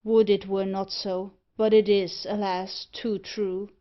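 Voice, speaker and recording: A woman's voice: medium pitch, little pitch movement, slow pace, muffled recording, natural voice. A woman reading aloud, voicing a stout middle-aged merchant who speaks urgently and mournfully.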